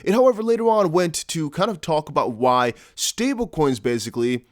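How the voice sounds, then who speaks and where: A man's voice: a little high, lively intonation, fairly quick, no echo, studio quality. A man with an American-ish accent hosting a casual crypto vlog, chatty and rambling, with jokey asides. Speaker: crypto YouTuber.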